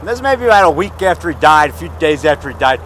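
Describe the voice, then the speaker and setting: Speaking fast with big pitch swings, this fifties-aged Chicago-area vlogger has a voice on the high side and a bit bright. His cemetery monologue is digressive and fragmented, packed with fillers, restarts, and self-corrections. The handheld camera mic captures a rough recording with slight background noise outdoors.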